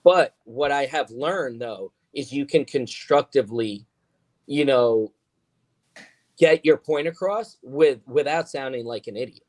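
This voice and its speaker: A man's voice: mid-range voice, a little slow, a little mellow. A man talking as a podcast guest, emphatic and rambling with lots of fillers. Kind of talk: casual chat.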